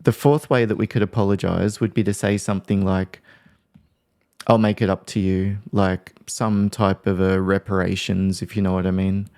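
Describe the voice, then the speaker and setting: A man with a fairly low voice talks through a lesson on workplace conflict in a casual, conversational way. He thinks aloud and slips into example phrases as he explains. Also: level tone, normal speed, vocal fry, hardly any pauses, darkish tone. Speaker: workplace mediator and trainer.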